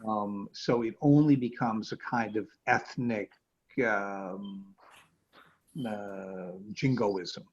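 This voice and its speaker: A man teaching as a rabbi in an easygoing lecture, pausing often with fillers and restarting his phrases. His voice is somewhat husky. The video call audio comes through dull and lo-fi. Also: on the low side, fairly even intonation. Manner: hesitant, many fillers and restarts. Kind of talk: conversational lecture.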